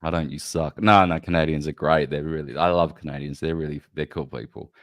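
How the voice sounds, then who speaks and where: A man's voice: very deep voice, steady tone, a little fast, no room sound, studio quality. A man hosting a casual chat show, rambling and cursing as he hunts for clips and interrupts himself. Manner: rambling, profane, self-interrupting. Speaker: podcast host.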